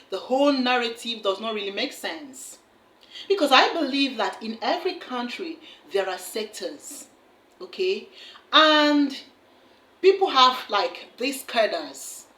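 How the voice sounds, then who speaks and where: A woman's voice: a little high, pushed and bright, echoey room. A woman hosting a casual reaction video, chatty and often checking in with her viewers. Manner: chatty, keeps asking "okay?". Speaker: host.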